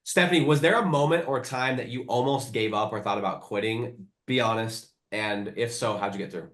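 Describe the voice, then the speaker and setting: A man hosting an interview, asking questions in a relaxed, encouraging way. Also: mid-range voice, a little fast. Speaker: host. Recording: echoey room.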